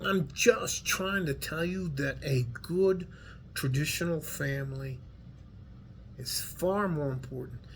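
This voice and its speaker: Speaking slowly in a voice on the high side, a middle-aged West Texas man addresses his viewers over slight background noise. His vlog talk is casual and heartfelt, wandering, sincere, homespun, and peppered with salty words.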